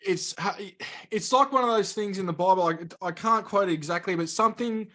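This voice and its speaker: A man being interviewed as a guest, explaining spiritual experiences in a measured, explanatory way. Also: sits high, fairly bright tone.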